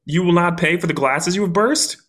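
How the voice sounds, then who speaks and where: A man's voice: high voice, a little fast, a bit bright. A man reading the part of an angry tavern hostess in a Shakespeare play reading, scolding.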